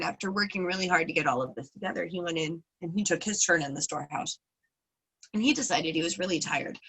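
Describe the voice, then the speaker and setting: A woman's voice: lowish voice, pushed and bright, breathy edge, rough recording. A woman teaching a casual class, retelling a folk tale in a chatty, playful way with frequent hedges. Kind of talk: casual lesson with folk storytelling.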